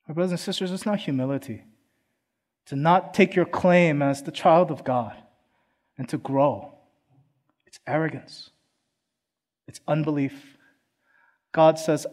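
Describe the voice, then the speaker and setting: A pastor from Philadelphia delivering a sermon to his congregation. He talks in an earnest, chatty way, with a voice pitched a little above most men. He often slips into quoted voices to make his point. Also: measured pace, pauses often, a little mellow. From Philadelphia, USA. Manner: conversational, earnest, acts out quotes. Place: church.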